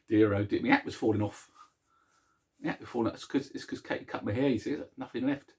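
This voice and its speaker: A middle-aged man hosting a daily song video series, chatting casually to camera in a soft, chuckling, self-mocking way. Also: mid-range voice, a little fast, breathy edge.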